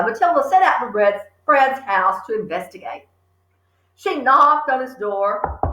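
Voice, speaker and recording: A woman teacher reading a children's story aloud, animated and chatty with friendly asides. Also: mid-range voice, roomy sound, poor audio.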